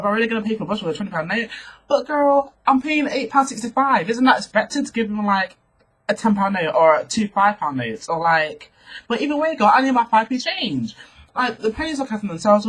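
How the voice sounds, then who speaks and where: Sassy guy in his twenties, lively husky delivery, storytime vlogger. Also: high voice, poor audio. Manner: sassy and animated, keeps saying girl. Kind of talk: storytime rant to camera.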